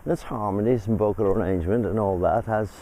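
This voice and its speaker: A man's voice: fairly low pitch, fast, warm tone, a little hiss or hum, low-quality recording. An older man from England hosting a casual vlog, chatting in a rambling way while walking uphill outdoors, a little out of breath. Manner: chatty, rambling, breaks off mid-thought. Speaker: vlog host. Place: outdoors, walking through a village.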